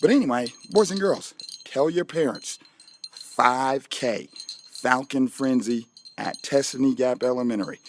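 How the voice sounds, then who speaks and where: A middle-aged man with a goofy, playful manner, speaking outdoors on school grounds to children. His voice sits at an ordinary middle pitch, with faint noise in the open air behind him. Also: measured pace. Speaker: school staff member promoting a fun run. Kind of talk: joking promotional video for kids.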